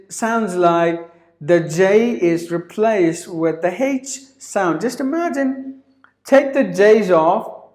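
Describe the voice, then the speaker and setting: Slow-talking man teaching pronunciation, roomy echo. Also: high voice, darkish tone. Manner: repeats each word several times, drawn out. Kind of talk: pronunciation lesson.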